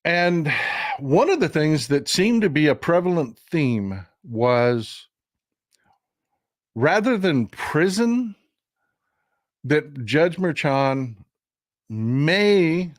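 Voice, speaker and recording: A man's voice: a little high, very animated, extremely slow, pauses often, no room sound, studio quality. A man hosting a livestream of casual political commentary, emphatic and full of repeats and restarts, talking straight to his viewers. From Texas. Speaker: livestream host.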